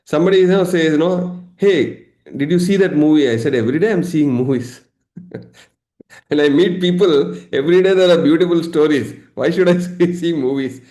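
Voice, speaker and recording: A man teaching a live online session as a meditation coach, lively, acting out everyday examples and laughing. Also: fairly high pitch, brisk, reverberant. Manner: animated, acts out examples, laughs often.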